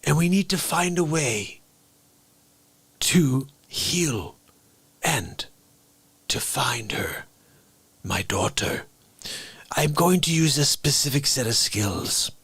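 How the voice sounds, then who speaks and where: A man doing a national leader who turns into a grim action hero mid-speech. The voice stays low, solemn and menacing, with softer, near-whispered passages. The sound is dry and close. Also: animated, slow, pauses often, slightly rough, dry recording, full character voice.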